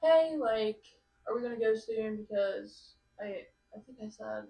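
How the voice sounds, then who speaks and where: A woman's voice: on the high side, measured pace. Young adult woman, guest on a chat podcast, chatty and rambling; roomy, distant sound. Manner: rambling, full of "like" fillers, animated storytelling. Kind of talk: casual chat.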